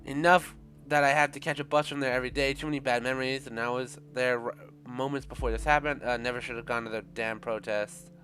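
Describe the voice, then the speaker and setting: A man's voice: medium pitch, fairly even intonation, fast, few pauses, pushed and bright, faint music behind, close to an everyday voice. A man reading aloud an upset young woman's chat messages in a game, in a slightly raised voice. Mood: weary.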